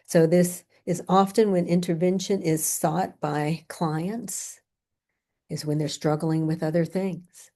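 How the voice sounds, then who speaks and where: A middle-aged woman therapist lectures on grief, weaving in client stories at a very slow, unhurried pace. Her voice sits slightly low with a noticeable gravelly fry. She often softens almost to a whisper. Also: steady tone. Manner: soft-spoken, unhurried storytelling, drops to near whispers. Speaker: grief therapist presenting a training.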